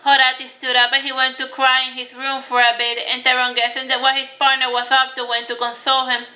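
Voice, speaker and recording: Woman, high voice, very bright tone, novel reading, occasional restarts. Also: monotone, a little fast, lo-fi sound. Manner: occasional restarts and small slips. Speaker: audiobook reader.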